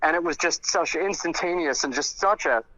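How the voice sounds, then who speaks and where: A man with a bright, forceful voice recounts old stories in animated, chatty fashion, slipping into the voices of the people he quotes. His voice sits a bit high for a man. The audio is dry and dull, like a lo-fi call recording. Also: normal speed, no room sound. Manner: animated, acts out quoted dialogue in raised voices. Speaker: guest, close friend recalling the deceased. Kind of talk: conversational storytelling. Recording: muffled lo-fi audio.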